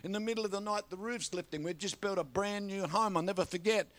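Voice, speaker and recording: An older Australian man preaching a sermon, telling a story with lively energy and often calling out to the congregation. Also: high voice, fast. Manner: animated storytelling with repeated audience call-outs.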